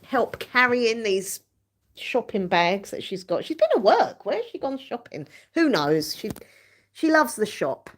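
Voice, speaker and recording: A woman's voice: fairly high pitch, very animated, unhurried. A woman with a British accent chatting casually with viewers on a live stream from her front room. She rambles, restarts her sentences and uses lots of fillers. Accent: British English.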